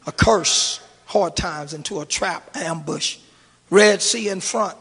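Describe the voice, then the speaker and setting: A middle-aged male pastor preaching in a big church hall, his voice very high for a man, with a gravelly edge. He drops to a hush and then rises to a shout, calling out to the congregation, while long reverb trails behind each phrase. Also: slow pace. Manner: preaching with call-and-response, swinging between hushed and shouted. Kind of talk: sermon. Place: church sanctuary.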